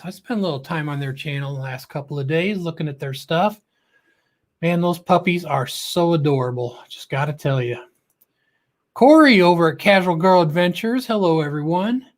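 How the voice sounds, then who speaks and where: A talkative middle-aged man runs a casual livestream, greeting each viewer by name as it comes up. His voice sits a touch higher than most men's, and his delivery stays loose, goofy and friendly in tone. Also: moderate pace. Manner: chatty, calls out viewers' names with a lift; joking and goofy. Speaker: livestream host.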